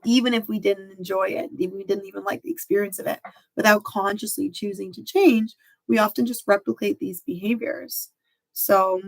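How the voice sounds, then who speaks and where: A woman's voice: medium pitch, fairly bright tone, rough recording. A woman hosting a live stream, reading out viewers' comments and speaking in a heartfelt, emotional way, close to tears.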